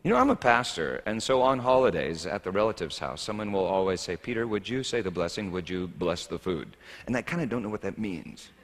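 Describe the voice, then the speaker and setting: A man's voice: sits low, big pitch swings, a little fast. A man preaching a sermon as a pastor, talking in a wry, conversational and humorous way. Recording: echoey hall reverb.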